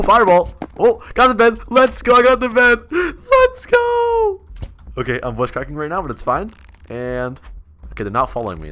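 A young man giving excitable gameplay commentary as a gaming video host, swinging between mumbled asides and loud outbursts. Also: a little high. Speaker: gaming YouTuber.

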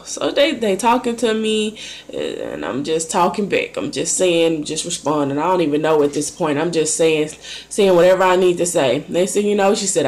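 Young woman telling an animated story. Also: on the low side, normal speed. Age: young adult. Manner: animated, dramatizes her own thoughts with voice shifts. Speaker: vlogger. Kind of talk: casual storytelling to camera.

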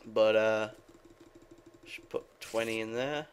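A man's voice: mid-range voice, steady tone, fairly quick, clear, resonant tone. A young man giving rambling, casual commentary while playing a game, swearing freely and talking to his viewers. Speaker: gaming video creator.

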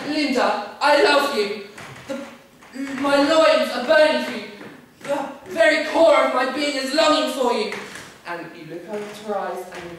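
A young woman playing a posh, naive boy in a school stage play, chatty and eager. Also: natural voice. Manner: eager, chatty, lively pitch. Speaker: student actor. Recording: echoey hall, distant mic, noisy.

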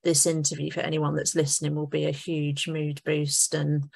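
A woman's voice: low-pitched, level tone, normal speed, vocal fry, darkish tone, husky. A woman hosting a podcast, praising her guest effusively while wrapping up the interview. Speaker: podcast host. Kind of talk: interview wrap-up.

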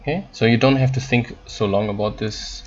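A man teaching German in an online lesson, explaining in halting English with frequent ums and repeated words. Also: medium pitch, muffled recording, soft background music.

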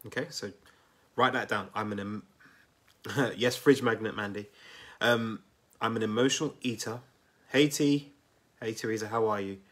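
Speaking directly to his audience, a weight-loss coach hosts a livestream with energetic, conversational delivery, frequently tossing in "right?" and "okay?". His voice is lowish at a normal speed, with frequent pauses.

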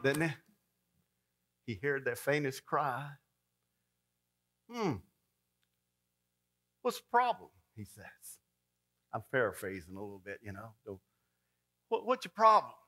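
A man preaching a folksy, dramatic sermon that swings from loud to hushed. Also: fairly high pitch.

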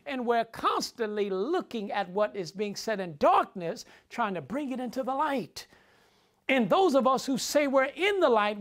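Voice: mid-range voice, a bit bright. A preacher giving a sermon, repeating key phrases for emphasis and speaking directly to the congregation.

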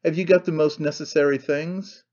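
Guy doing a bossy midwife lady, brisk n clipped, muffled lo-fi audio. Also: a little high, steady tone, darkish tone, natural voice. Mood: peremptory. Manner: peremptory, clipped questions. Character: brisk, commanding middle-aged midwife.

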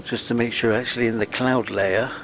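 A man's voice: mid-range voice, fairly even intonation, fairly quick, a bit bright, slight background noise. A man giving casual let's-play commentary, chatty and talking to himself with sighs, a little out of breath. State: slightly out of breath. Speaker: game streamer. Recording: faint game music behind.

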